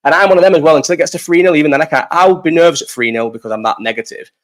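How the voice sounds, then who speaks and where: A man's voice: a little high, rapid-fire. A young man, hosting a casual live-stream chat, swearing freely and often trailing off mid-sentence. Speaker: host.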